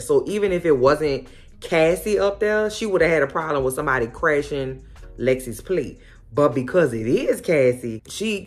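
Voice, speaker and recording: A woman hosting a casual recap of a TV episode, telling it in a sassy, animated way full of exclamations. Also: deep voice. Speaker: host.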